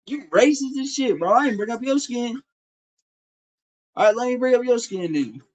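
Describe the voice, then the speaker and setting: A man's voice: very high-pitched, animated, moderate pace, a little mellow. A man from Illinois on a livestream, arguing with his chat in a profane, confrontational, trash-talking way. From Champaign, Illinois, USA. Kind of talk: heated livestream argument.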